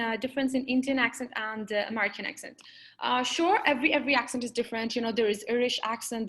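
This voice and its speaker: High-voiced woman teaching English online. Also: fairly bright tone. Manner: conversational, many fillers and restarts. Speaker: English counsellor. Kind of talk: webinar teaching with Q&A.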